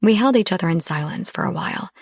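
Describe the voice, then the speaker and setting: A woman reads a first-person romance audiobook in a soft, intimate way. Her voice is somewhat low and husky. The recording is close and dry. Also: expressive, quick pace, dry recording. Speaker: audiobook narrator.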